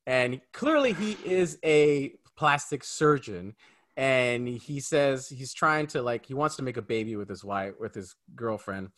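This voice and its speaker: A man's voice: mid-range voice, animated, a little slow, fairly bright tone. A man co-hosting a casual film review podcast, emphatic and ranting in friendly chat. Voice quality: married.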